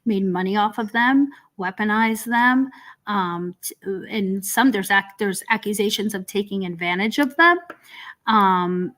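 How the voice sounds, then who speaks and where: Hosting a casual drama commentary stream, a woman rambles with frequent ums and restarts, sounding sarcastic and exasperated. She speaks at a measured pace in a mid-range, slightly bright voice.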